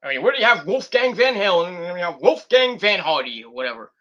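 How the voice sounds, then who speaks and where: A man's voice: sits high, very animated, quick pace, a bit bright, muffled recording. A man giving a rambling, profane and exasperated review of a wrestling show. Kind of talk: casual rant review.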